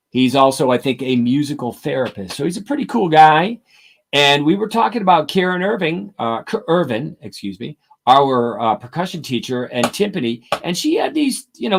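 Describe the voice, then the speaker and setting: Drum teacher counting strokes aloud. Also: male voice, mid-range voice, gravelly, slight background noise. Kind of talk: live-stream drum lesson and Q&A.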